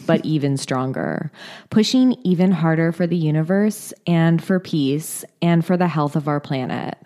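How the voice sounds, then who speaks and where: A self-important young model, earnest and grandiose, voiced by a woman reading her lines. The voice sits very low and sounds mellow and soft. The delivery is slow and sure of itself. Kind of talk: dramatic reading of a quoted monologue.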